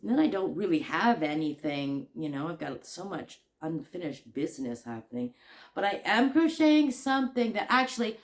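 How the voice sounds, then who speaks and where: A woman's voice: on the low side, big pitch swings, moderate pace. Rambling, chatty woman vlogger. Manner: rambling, chatty, self-deprecating. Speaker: crochet vlogger. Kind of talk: casual chatty vlog.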